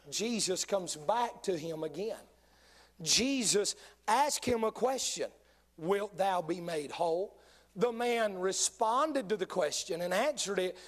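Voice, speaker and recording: A man preaching a sermon with passion, quoting King James scripture. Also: high-pitched. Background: soft music.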